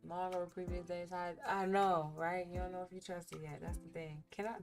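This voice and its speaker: A woman with a fairly low voice talks casually and animatedly to her live-stream viewers as she trades. Her delivery is candid and chatty, and faint music plays underneath. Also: flat delivery, a little fast. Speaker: livestreaming day trader. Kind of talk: casual live-stream chat while trading.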